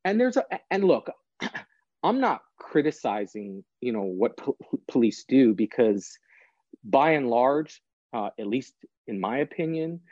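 A man's voice: mid-range voice, sing-song, unhurried, a little mellow, no room sound, dull audio. A man, a guest author and prosecutor, explaining practical steps in an earnest, plain-spoken way during a podcast interview.

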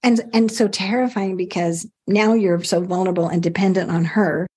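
Husky-voiced woman hosting an interview. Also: on the low side, fairly even intonation, normal speed. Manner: validating, reflective, gentle. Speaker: podcast host. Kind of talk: empathetic interview.

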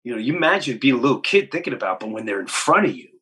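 A man in his fifties, a guest comedian telling stories in an interview, animated and acting out other people's lines. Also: medium pitch, very fast, husky. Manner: animated, acts out quotes in other voices. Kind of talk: storytelling in an interview.

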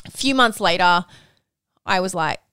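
A woman's voice: lowish voice, lively intonation, moderate pace, sharp tone, clean tone, no echo, clean studio sound. A woman, co-hosting a podcast and telling a personal story in casual chat, candid and swearing freely. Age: 30s. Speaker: podcast co-host.

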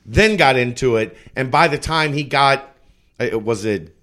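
A man's voice: mid-range voice, measured pace, bright, forceful tone. A man offering blunt, wry basketball commentary on a podcast. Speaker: basketball analyst guest. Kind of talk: casual sports chat.

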